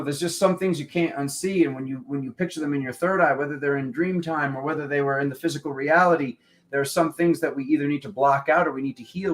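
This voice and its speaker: A man hosting a spiritual livestream, telling a personal story in a rambling, animated way and acting out the voices of the people in it. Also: fairly high pitch. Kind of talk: casual storytelling monologue. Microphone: livestream setup.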